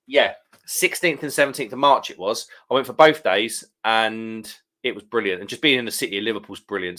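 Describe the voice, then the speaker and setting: A middle-aged man hosts a relaxed live stream. He reads viewer comments aloud and answers them in a casual, conversational way. His voice sits at an ordinary middle pitch. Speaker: livestream host.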